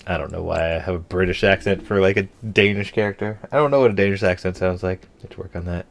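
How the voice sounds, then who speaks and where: Deep-voiced man musing over gameplay. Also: fast, vocal fry. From Canada. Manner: thinks aloud, muttering half to himself. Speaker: gameplay streamer. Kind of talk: casual let's-play commentary.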